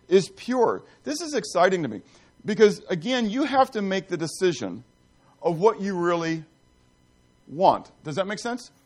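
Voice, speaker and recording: A man preaching in church in an easygoing, talkative way, throwing questions to his listeners and wandering into asides before finding his thread again. His voice sits high and swings widely in pitch. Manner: conversational, asks the congregation questions, many asides and restarts. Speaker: pastor. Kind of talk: sermon.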